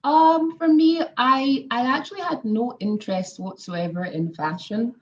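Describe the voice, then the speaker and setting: A woman's voice: on the high side, unhurried. A woman from Scotland with an Edinburgh Scottish accent, a guest in a casual interview, chatty with many ums. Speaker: guest, former model. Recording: dull lo-fi audio.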